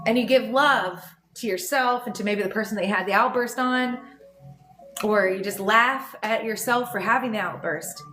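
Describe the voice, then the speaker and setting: A woman's voice: fairly high pitch, normal speed, sharp tone. A woman acting as a spiritual teacher on a home livestream, speaking frankly and swearing freely, often checking in with "okay?". She talks into a phone mic. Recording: echoey room with faint music.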